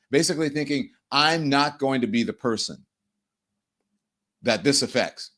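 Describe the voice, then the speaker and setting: Animated man hosting a commentary show. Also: fairly high pitch, a little fast. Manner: animated, repeats phrases for emphasis, addresses viewers directly. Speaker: show host. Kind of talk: live political commentary monologue.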